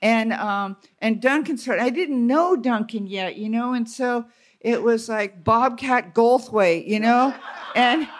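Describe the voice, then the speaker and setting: A woman telling a candid, self-deprecating story on stage at a live retreat, halting with restarts. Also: on the high side. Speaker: retreat speaker.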